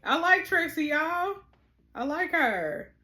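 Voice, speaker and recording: A woman reading a story game aloud and reacting to it in a chatty, lively way. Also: high voice, slow, faint music behind. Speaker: story game player and reader.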